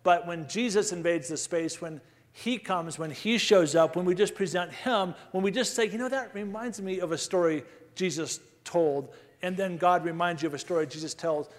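A man's voice: high voice, moderate pace, big-room sound. A man closing a sermon with building, emphatic repetition. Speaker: speaker.

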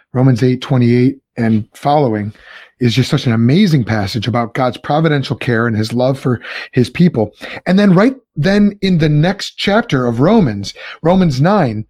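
A man's voice: a little high, darkish tone, no room sound. A man hosting a Bible discussion, enthusiastically citing scripture passages. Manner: enthusiastic, cites verses.

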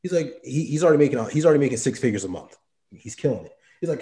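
A young man tells his story in loose, slangy talk, dropping into quoted back-and-forth. His voice sits low and mellow, with no edge to it. The room around him rings with a clear echo. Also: racing. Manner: slangy, animated, quotes others in his own voice. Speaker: entrepreneur telling his story. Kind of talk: casual storytelling.

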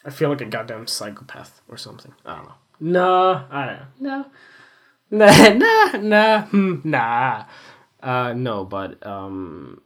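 A man's voice: mid-range voice, huge pitch swings, moderate pace, a bit bright. Young male photographer, mid-range voice, loose and candid, rambles, swears, jokes at himself. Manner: candid, rambling, swears freely, self-mocking humor. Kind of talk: casual reflective monologue.

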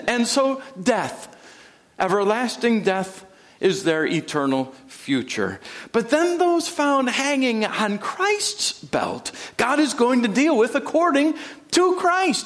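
A man delivering a sermon in a high, lively voice that swings widely in pitch. He speaks slowly and deliberately, dropping to a near hush and then climbing into ringing emphasis. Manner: dramatic, with sudden drops to a hush and rising emphasis. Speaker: pastor. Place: church sanctuary.

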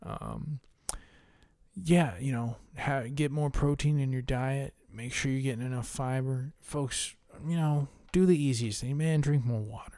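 A man's voice: mid-range voice, unhurried, mellow, no room sound, clean studio sound. Profane, ranting podcast co-host man. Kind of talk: casual podcast chat.

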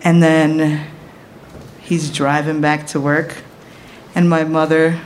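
A woman in her thirties telling a personal story, animated and profane, often laughing as she talks. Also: sits low, takes it slowly, a little hiss or hum.

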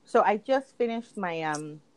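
A woman's voice: medium pitch, lively intonation, unhurried, dry recording, poor audio. A woman co-hosting a podcast, talking in a chatty, casual way with lots of fillers and restarts. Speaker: podcast co-host. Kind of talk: casual chat.

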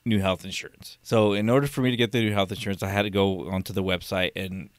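Rambling, low-voiced man telling stories. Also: fairly even intonation, fast, no echo. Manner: rambling storyteller, many restarts, laughs while telling, swears. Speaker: office worker. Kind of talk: casual chat.

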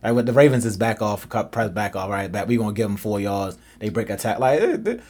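Male co-host, exasperated fan; quick slangy delivery, animated pitch. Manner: exasperated, fast and slangy, repeats himself. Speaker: sports podcast co-host. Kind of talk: casual sports chat.

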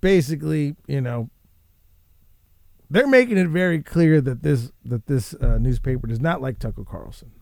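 A man hosting a casual show, ranting and swearing in a rambling, animated way. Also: medium pitch, normal speed, creaky, dry recording, clean studio sound. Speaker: podcast host.

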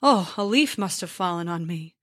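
A woman voicing a huge, sleepy, good-natured male giant who mumbles slowly in a storybook. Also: fairly low pitch, animated, no echo, studio quality, voice pushed down. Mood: drowsy. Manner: slow, drowsy mumbling.

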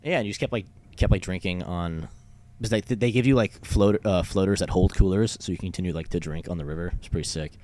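A man's voice: low-pitched, fast talker, darkish tone, slight background noise. A young man casually telling a story, rambling with lots of fillers and swearing. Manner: rambling, many fillers and profanity. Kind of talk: casual chat.

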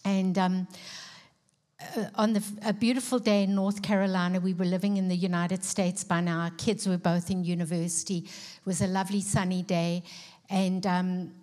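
A middle-aged woman with a South African accent speaks to a church congregation. She tells a personal story earnestly and fills her pauses with soft ums. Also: fairly low pitch, little pitch movement. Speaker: guest speaker and author. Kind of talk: personal testimony in a church service.

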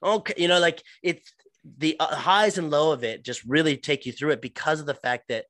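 A man's voice: a little high, normal speed, a bit bright, no room sound. Young guy actor rambling about theater, lots of like and you know, dry close mic. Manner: rambling, many restarts and fillers. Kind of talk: casual podcast chat.

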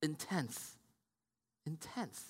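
Guy preaching, loud then hushed, chatty with the crowd, big hall echo. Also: on the high side, lively intonation, extremely slow, slightly rough. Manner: conversational, asks the audience questions. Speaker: pastor. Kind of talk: sermon. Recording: long hall reverb.

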